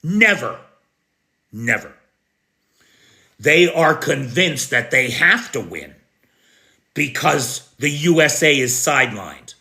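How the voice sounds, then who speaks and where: A man's voice: on the high side, expressive, slow, gravelly, bright, forceful tone. An American man hosting a live news stream and answering viewers, talking in an emphatic, indignant way with sarcastic turns. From United States.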